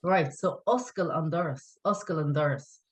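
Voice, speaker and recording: A woman's voice: deep voice, normal speed, rough recording. A woman teaching an online language lesson, patient and encouraging, spelling words out letter by letter.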